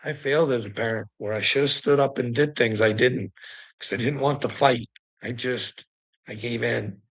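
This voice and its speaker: A man's voice: mid-range voice, moderate pace, breathy edge, low-quality recording. A man holds forth in a casual livestream rant, his voice sitting in a plain middle register. He swears constantly and rambles from one grievance to the next, exasperated and talking straight at his viewers. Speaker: streamer ranting to viewers.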